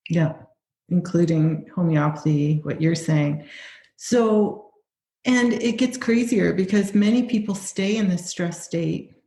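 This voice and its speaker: A woman's voice: fairly low pitch, slow, dark tone, echoey room. A woman hosting a conversational interview, agreeable and affirming as she adds points. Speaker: podcast host.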